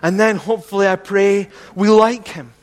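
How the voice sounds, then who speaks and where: A man's voice: sits high, normal speed, in a large hall. A man preaching a sermon as pastor, earnest and repetitive, asking the congregation rhetorical questions.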